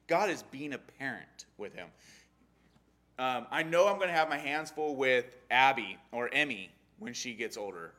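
A young adult man giving a casual sermon on a Bible story, animated and acting out the characters' lines. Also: medium pitch. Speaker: Bible study teacher.

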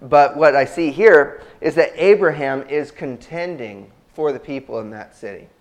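A man's voice: on the high side, normal speed. A man preaching a sermon in a conversational way, reading a scripture passage aloud and asking his listeners questions. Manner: conversational, asks the congregation questions.

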